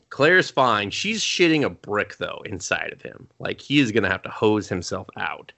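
Man, lowish bright voice, casual rambling podcast chat, swears a lot, tosses in quick character voices. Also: sing-song, gravelly. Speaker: podcast co-host. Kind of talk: casual chat recapping an anime episode.

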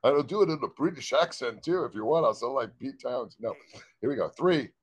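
A man's voice: medium pitch, expressive, brisk, breathy edge, dry recording. A man chatting as a guest in a casual interview, stumbling over words and laughing at his own slips. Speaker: guest musician.

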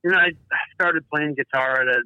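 A man's voice: on the high side, clean tone, dry recording. Stuttering man on a dull, dry call. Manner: stutters, halting with repeated words. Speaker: guest, pedal designer. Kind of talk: casual interview. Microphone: remote call.

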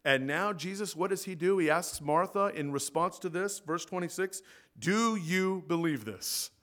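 A man preaching a sermon as pastor in a church, swinging between loud emphatic peaks and soft low asides. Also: moderate pace. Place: church sanctuary.

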